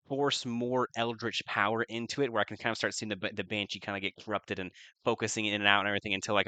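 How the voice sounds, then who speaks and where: Brief: a man with a low, clear voice as a tabletop player, playful, hesitant, dry close sound. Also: sharp tone, no room sound. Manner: playful, hesitant, many fillers. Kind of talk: casual tabletop role-play.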